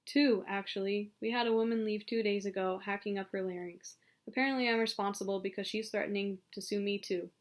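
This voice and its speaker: A woman voices a calm male mountain guide in a spoken storybook. He talks firmly and plainly at a middle pitch, keeping things level. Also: fairly quick, hardly any pauses, natural voice. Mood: matter-of-fact.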